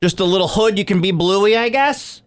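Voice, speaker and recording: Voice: mid-range voice, clean tone. A morning radio host bantering playfully with a co-host and introducing a guest. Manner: playful, quick to riff. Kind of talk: casual morning show banter.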